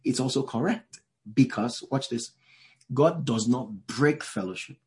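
A man's voice: mid-range voice, a little slow, a little mellow. A man preaching a sermon to a live congregation in a church. He talks in a loose, conversational way, drops in many asides and asks the listeners questions directly. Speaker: pastor.

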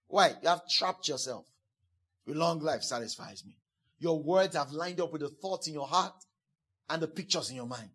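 A man's voice: a little high, animated, normal speed, fairly bright tone, breathy edge. A man preaching a sermon as pastor, emphatic, repeating key phrases again and again, and acting out quoted speakers. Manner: acts out quoted speakers in a playful voice.

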